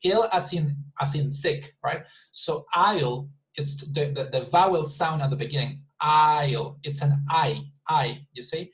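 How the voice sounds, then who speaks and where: A man's voice: a little high, normal speed, hardly any pauses, rough recording. Patient man teaching English online. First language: Spanish. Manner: patient, repeats and rephrases, checks understanding. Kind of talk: online class instruction.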